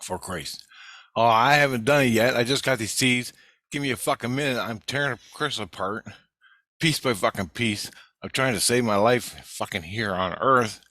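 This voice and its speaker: A man's voice: medium pitch, moderate pace, pushed and bright, no echo. A man giving a rambling, profane spiritual video update in an agitated way. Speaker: vlogger.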